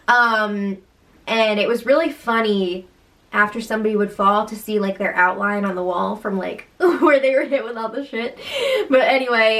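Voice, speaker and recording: A young woman recapping the week for her podcast in a loose, chatty way. Her voice sits slightly high, she giggles often, and she fills her sentences with "like.". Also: a bit bright. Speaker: podcast co-host. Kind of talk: casual recap chat.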